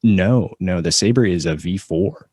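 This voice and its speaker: A man with a very low voice co-hosts a casual motorcycle podcast. He reads a listener email and laughs off his own fumbles. The sound is close and dry, with no room echo. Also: a little slow, a little mellow, slightly rough. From California. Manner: self-deprecating, laughs at own slips. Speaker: podcast co-host.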